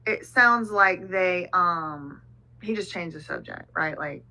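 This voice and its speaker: A woman's voice: on the low side, slow pace, pushed and bright, rough recording. A woman hosting a reaction video, casually reading a document aloud and commenting on it with lots of fillers. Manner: conversational, reads documents aloud with frequent fillers. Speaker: reaction channel host.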